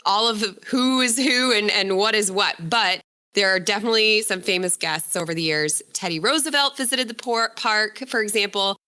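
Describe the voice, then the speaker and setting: A woman talks through a news story in a loose, conversational way. Her voice is bright and forward, and she often trips over a word, corrects it and laughs it off. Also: mid-range voice, moderate pace, smooth. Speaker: reporter explaining a story. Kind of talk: casual conversational explainer.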